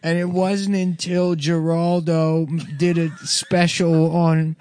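A man's voice: fairly high pitch, level tone, slow pace, a little mellow, clean tone, no room sound, voice pushed up. A man putting on a New Jersey Italian-American accent to play a brash male intern reading a book report. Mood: mock earnest.

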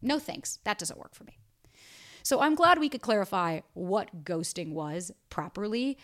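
A woman in her thirties talks straight into the mic on her solo podcast, in a voice of ordinary middle pitch. She is blunt and emphatic and swears freely as she gives dating advice. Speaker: podcast host and dating coach. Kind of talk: casual solo podcast talk.

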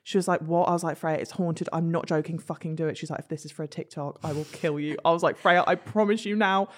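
A woman's voice: deep voice, quick pace. A young woman, telling a story in casual chat, swearing freely and acting out the voices of other people. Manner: animated, swears freely, acts out quoted voices. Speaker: guest.

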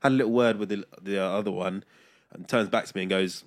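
Animated guy telling stories. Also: fairly low pitch, quick pace, dry recording, studio quality. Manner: swearing, animated storytelling with acted-out quotes. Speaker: podcast co-host. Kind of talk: casual podcast chat.

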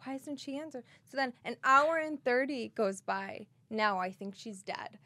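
A young woman with a Boston accent tells a story on her podcast, her high voice close and dry. She acts out every scene with lots of drama. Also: steady tone, normal speed, bright, forceful tone, no room sound. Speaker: podcast co-host. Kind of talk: casual storytelling chat.

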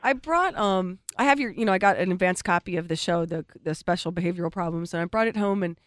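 A woman's voice: on the low side, fast, dry recording. A woman co-hosting a radio show, chatty and teasing with a guest. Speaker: radio co-host. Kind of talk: casual radio chat.

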